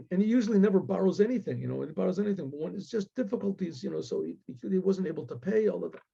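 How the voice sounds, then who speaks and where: A man with a gravelly, husky voice tells a story in a loose, animated way, clearing his throat now and then and voicing each character. His tone is dark and mellow. The recording sounds dull and lo-fi. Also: high voice, quick pace. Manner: animated, acts out voices with rising emotional pleas; frequent throat clearing and restarts. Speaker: rabbi storyteller. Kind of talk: casual spoken storytelling.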